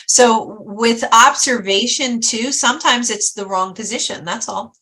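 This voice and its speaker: A woman talk-show host and success coach, chatty and animated, acting out quotes as she tells a story. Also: on the high side, a little slow.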